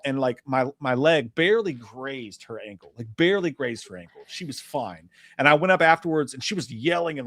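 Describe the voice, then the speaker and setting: A man's voice: medium pitch, a bit bright, dry recording, clean studio sound. A man co-hosting a live movie show, reading chat messages and telling loose, profane stories with a lot of laughing. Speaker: podcast co-host reading chat. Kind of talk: casual live-stream chat.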